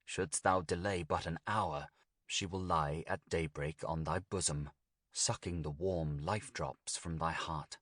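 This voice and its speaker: A man voicing a grave, commanding old male sorcerer in a storybook reading, speaking in a solemn, measured way. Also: deep voice, steady tone, a bit bright, no echo, clean studio sound. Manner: solemn, archaic, measured delivery.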